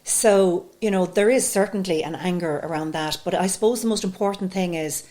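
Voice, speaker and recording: Woman hosting a studio podcast, soft affirming tone, lowish voice. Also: fairly quick. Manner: gentle, steering with soft affirmations. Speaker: interviewer. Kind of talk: podcast interview.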